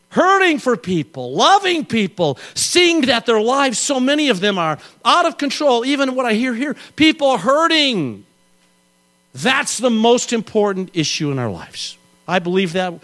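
Animated high-voiced male preacher. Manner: animated storyteller, acts out voices and yells. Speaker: pastor. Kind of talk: sermon with a personal story.

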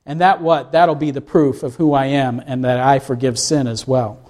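A man's voice: mid-range voice, steady tone, normal speed, darkish tone. A male pastor preaching a sermon, full of rhetorical questions and acted-out quotes.

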